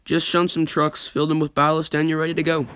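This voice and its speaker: A man's voice: a little high, monotone, a little fast, fairly bright tone, slight background noise, pitched above the performer's own voice, lightly acted. A man doing a matter-of-fact engine. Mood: calm.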